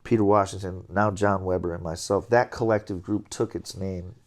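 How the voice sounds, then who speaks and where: A middle-aged man, an interview guest, telling stories about his career in a relaxed, animated way, chuckling now and then. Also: low voice, moderate pace. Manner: animated anecdotes, chuckling, scatting melodies. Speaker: interview guest, jazz trombonist. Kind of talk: relaxed storytelling.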